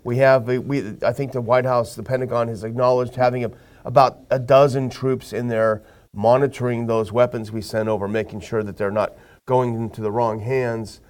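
A man's voice: mid-range voice, little pitch movement, moderate pace, darkish tone. A man hosting a political talk show, chatting casually and reading quotes aloud with his own remarks. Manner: conversational, reads quotes aloud and remarks on them. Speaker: show host.

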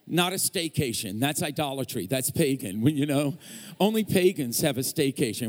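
A man's voice: medium pitch, expressive, moderate pace. A man preaching a sermon as a guest preacher in a church sanctuary, joking and teasing the congregation as he talks. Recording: long church hall reverb.

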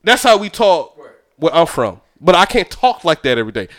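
A man's voice: on the high side, moderate pace, no room sound. A young man from Georgia with a Southern accent, chatting casually and profanely as a podcast guest. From Georgia, USA. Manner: animated, profane, slips into imitations.

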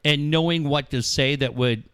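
A man's voice: fairly high pitch, normal speed, clean tone, dry recording, clean studio sound. A middle-aged man co-hosting sports radio, telling stories with acted-out quotes and frequent swearing. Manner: animated storyteller, swears freely, acts out quotes. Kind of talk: casual sports radio chat.

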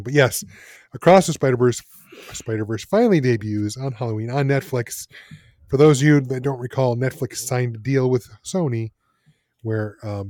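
A man's voice: medium pitch, darkish tone, no room sound, studio quality. A man co-hosting a casual podcast, talking film news in a wry, teasing way. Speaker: podcast co-host. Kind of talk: casual chat.

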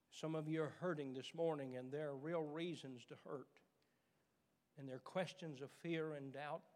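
A man's voice: fairly high pitch, a little mellow. A middle-aged man preaching a sermon as pastor, repeating his phrases and rising to fervent emphasis. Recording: church sanctuary with long reverb.

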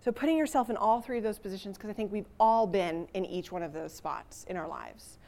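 A woman teaching a Bible passage to a church group in a conversational, animated way, with rhetorical questions. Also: medium pitch, fairly quick, gravelly.

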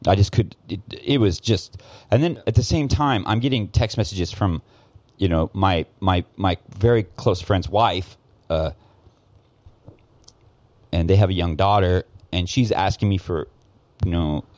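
A man's voice: low-pitched, measured pace, a little mellow, no room sound. A man telling a story in casual podcast talk, heated and profane, often restarting his sentences. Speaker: guest, former news cameraman.

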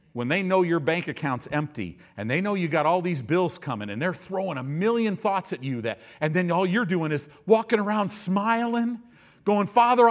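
A male preacher in full sermon mode, his voice sitting a bit high and leaping all over the place. He drops low and intense, then climbs into loud, ringing bursts and hammers words again and again for emphasis.

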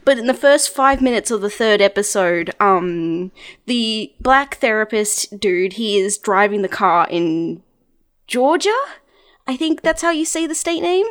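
A young woman co-hosting a casual podcast chat, animated and full of laughs and fillers as she recaps. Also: mid-range voice, a little slow, smooth. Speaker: podcast co-host.

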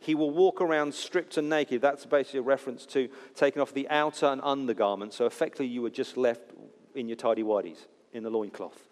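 A man preaching an expository sermon in a conversational way, with jokey asides, swinging between loud emphasis and hushed, low passages. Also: fast talker. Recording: long hall reverb.

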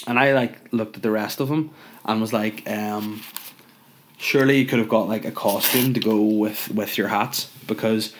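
A man's voice: on the low side, fairly even intonation, normal speed, slight background noise. A young man with a cold, ranting in a rambling, jokey, sweary way in a casual chat. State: stuffy from a cold. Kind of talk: casual comedic rant.

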